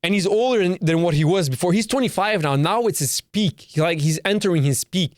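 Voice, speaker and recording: A man's voice: sits high, animated, a little fast, dry recording, studio quality. A young man hosting his own podcast, ranting in an emphatic, brash way, repeating himself and swearing. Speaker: podcast host. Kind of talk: casual solo podcast rant.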